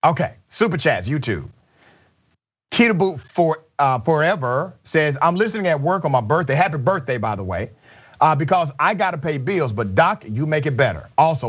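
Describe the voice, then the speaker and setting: A man hosting a live online talk show, reading viewer comments with energetic, emphatic, repetitive delivery. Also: on the high side, moderate pace, slightly rough, highs cut off. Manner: energetic, emphatic, repeats himself. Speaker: show host.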